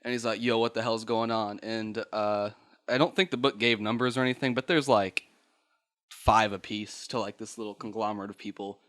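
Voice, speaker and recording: A man's voice: on the low side, fairly even intonation, brisk, a bit bright. A man hosting a podcast, telling a story casually, rambling and laughing, swearing and acting out voices. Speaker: podcast host.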